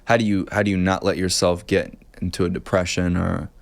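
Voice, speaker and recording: Deep, gravelly man asking slow questions. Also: level tone. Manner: slow, short prompts. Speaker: interviewer. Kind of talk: interview questions.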